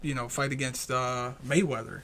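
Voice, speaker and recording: A man's voice: mid-range voice, steady tone, normal speed, a bit bright, a little hiss or hum. Profane, rambling young man chatting. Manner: profane, rambling, laughs often. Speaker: podcast co-host. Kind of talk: casual live-streamed chat.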